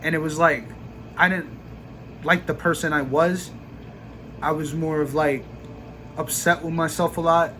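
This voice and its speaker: A man's voice: fairly high pitch, steady tone, sharp tone, a little hiss or hum. A young man with a New York accent, venting casually and profanely about his job as a vlogger. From Brooklyn, New York. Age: young adult. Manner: profane, ranting, rapid bursts.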